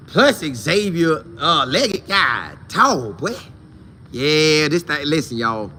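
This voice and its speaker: Animated bright-voiced man talking football. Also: fairly high pitch, slow, a little hiss or hum. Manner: animated, slangy, talks straight to viewers as "y'all". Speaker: sports show host. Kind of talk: casual football talk show.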